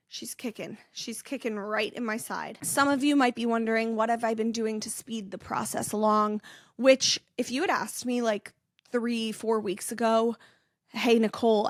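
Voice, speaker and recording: A woman's voice: fairly high pitch, dry recording, clean studio sound. A heavily pregnant young woman hosting a casual vlog, rambling and chatty with frequent laughs. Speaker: influencer and podcast host. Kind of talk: casual chat.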